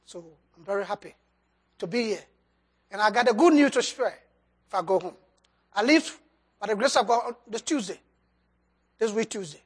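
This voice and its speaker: A preacher giving a sermon and altar call, swinging between loud emphasis and soft drops, with loose grammar. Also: mid-range voice, husky. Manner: loose, nonstandard English grammar.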